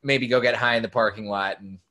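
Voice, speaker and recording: Young man, casual storyteller, lively and profane, mid-pitched voice. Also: fairly quick. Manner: animated storyteller, swears freely, quotes people in lively bursts. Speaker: former comedy club staffer. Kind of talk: casual podcast chat.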